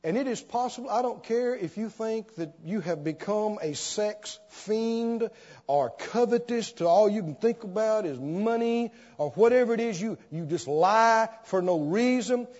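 A high-pitched man preaching slowly and deliberately, acting out little scenes as he tells his story. His voice rings through a large hall with a long reverb, and the recording sounds dull and muffled. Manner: animated storytelling, acts out scenes. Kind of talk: sermon.

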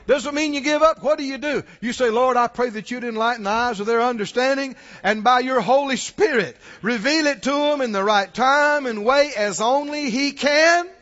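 High-voiced preaching man in a reverberant hall. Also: normal speed, few pauses, highs cut off. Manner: emphatic preaching, rising to shouts and dropping low. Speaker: pastor. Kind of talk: sermon.

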